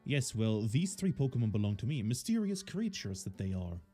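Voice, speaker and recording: A man's voice: mid-range voice, sing-song, moderate pace, warm tone, husky, soft background music. A man voicing a fussy, polite middle-aged male professor with old-fashioned formal phrasing, reading game dialogue aloud. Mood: fussy politeness.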